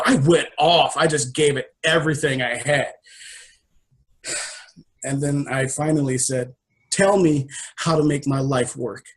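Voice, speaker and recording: A man, a life coach and interview guest, telling a personal story in an animated, emotional way and acting out his own dialogue. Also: a little high.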